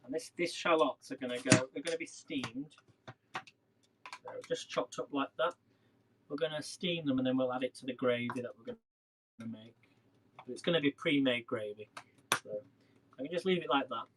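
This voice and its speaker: A man's voice: medium pitch, background noise. A man hosting a casual live cooking demo in his home kitchen, rambling and chatting to viewers as he works. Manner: chatty, rambling, talks to viewers while working. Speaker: cooking livestream host.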